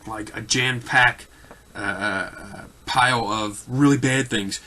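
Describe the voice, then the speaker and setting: A man with a Philadelphia accent speaks with a bright, forceful tone. He answers viewer questions casually and off the cuff. He rambles and fills pauses with restarts and lots of ums. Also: medium pitch. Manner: rambling, many fillers and restarts.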